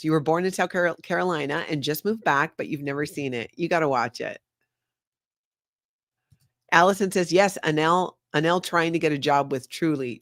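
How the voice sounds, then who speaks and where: A woman's voice: low voice, no room sound, studio quality. An older woman chatting casually on a livestream, laughing often and reading viewer comments aloud. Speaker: livestream host.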